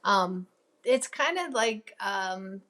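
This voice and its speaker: A woman's voice: mid-range voice, expressive, very slow, fairly bright tone. A woman hosting a casual live crafting stream, chatting and answering viewer comments with plenty of ums. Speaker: crafting show host.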